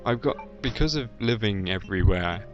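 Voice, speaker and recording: A young British YouTube let's-player from the English Midlands talks in a fairly low voice with lively intonation at a moderate pace, his generic British accent slightly Midlands. In this casual video chat he rambles, hesitates, ums a lot and corrects himself, over dull lo-fi sound with faint game music.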